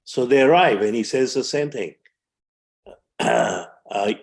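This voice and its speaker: An Indian physician in his seventies, with a mid-range voice and vocal fry, takes his time but stays animated as a podcast guest. He spins vivid stories, acting out the quoted voices himself.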